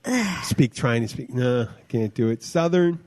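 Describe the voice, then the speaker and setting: A man's voice: medium pitch, animated, darkish tone. Rambling, swearing male podcast host. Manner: rambling, halting, lots of fillers and restarts; swears freely. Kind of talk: casual podcast chat.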